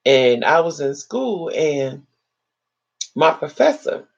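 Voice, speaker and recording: A woman's voice: low voice, slow, gravelly, husky, lo-fi sound. A woman hosting a live video, telling an emotional personal story to her viewers and acting out what people said. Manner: dramatic, animated retelling with acted-out quotes. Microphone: live video chat setup.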